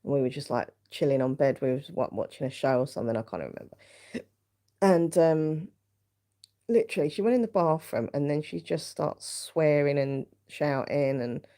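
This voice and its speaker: A woman's voice: deep voice, animated, moderate pace, dark tone. A woman hosting a live stream, telling stories in a rambling, chatty way with plenty of fillers. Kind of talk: casual chat.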